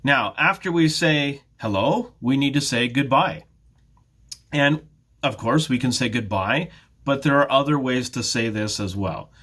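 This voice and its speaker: A middle-aged man with a Canadian accent teaching a slow, clear beginner English lesson, patiently modelling phrases with careful intonation. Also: medium pitch, a bit bright. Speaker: ESL teacher, head of academics.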